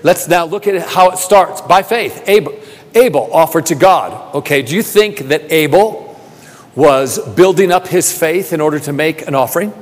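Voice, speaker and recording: A man preaching a sermon, asking rhetorical questions and repeating phrases, building from soft talk to emphatic calls. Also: on the high side, lively intonation, normal speed. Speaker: pastor. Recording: long reverb of a large hall.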